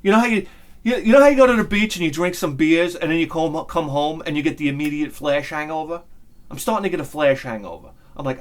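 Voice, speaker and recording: A middle-aged man, telling a crude, animated story on his vlog, swinging between loud bursts and muttered asides. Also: fairly high pitch, fast. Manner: crude humor. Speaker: vlogger. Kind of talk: casual storytelling.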